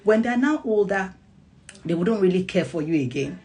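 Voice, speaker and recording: A woman and child psychologist talking casually to camera about parenting, animated and laughing often as she acts out little scenes. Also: medium pitch, moderate pace. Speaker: parenting vlogger.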